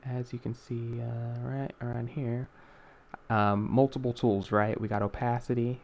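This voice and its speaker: Young male tutorial host, mellow tone, chatty and self-correcting, faint background noise. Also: mid-range voice, level tone, measured pace, vocal fry. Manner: rambling, self-correcting, many fillers. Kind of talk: casual screen-recorded tutorial.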